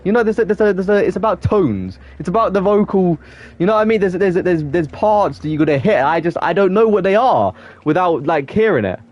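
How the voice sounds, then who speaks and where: Through a muffled recording, a young man with an English accent talks fairly quickly in a high voice with lively intonation. He's casually chatting with viewers during a gaming stream, openly waffling and restarting sentences again and again.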